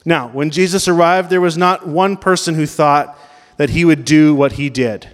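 High-voiced male pastor in a reverberant hall. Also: moderate pace. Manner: conversational preaching, questions the congregation. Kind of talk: sermon. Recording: long reverb of a large hall.

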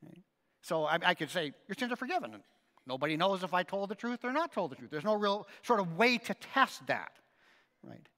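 A pastor preaches in a lively, conversational way, often tossing in "right?" asides. His high voice swings widely and sounds bright and forward, delivered at a normal speed. A big hall's long reverb surrounds the sound.

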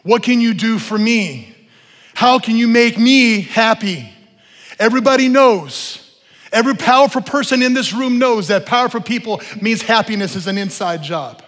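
A middle-aged man preaching a sermon as pastor in a church, animated, telling stories and acting out what people say. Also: extremely high pitch, normal speed. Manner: animated preaching, storytelling with voiced asides. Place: church sanctuary. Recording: long hall reverb.

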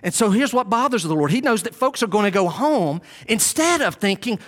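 Lively high-pitched male preacher. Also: a little fast, few pauses. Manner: emphatic, repeats key phrases; addresses the congregation directly. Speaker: pastor. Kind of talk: sermon.

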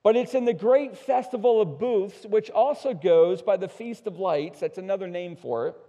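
A male pastor preaching an emphatic sermon, swinging between hushed asides and loud, slowed-down declarations. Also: high voice. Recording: dull sound with long hall reverb.

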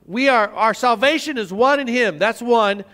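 Man, pastor, sermon, emphatic, rhetorical questions, very high pitch. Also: normal speed, bright, forceful tone.

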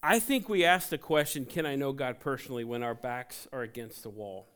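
A man in his forties from Ohio preaching a sermon in a church, conversational and joking, telling animated personal stories. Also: mid-range voice, fairly quick, clear, resonant tone. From Ohio, USA. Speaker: pastor. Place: church sanctuary.

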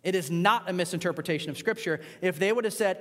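A male pastor preaching a sermon in a church, emphatic, swinging between loud rising points and quiet asides. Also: high voice, fast, long reverb tail.

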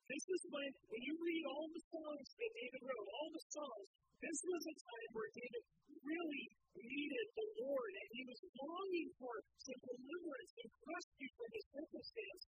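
A woman with a very high voice delivers a heartfelt sermon, pressing her listeners with earnest, pleading questions. The recording is dry and a little dull and lo-fi. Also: very animated, normal speed, no echo. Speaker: Bible teacher.

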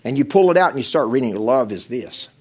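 A male pastor preaching a sermon, swinging from loud exhortation to hushed, intense storytelling. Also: mid-range voice, animated, fast talker, husky.

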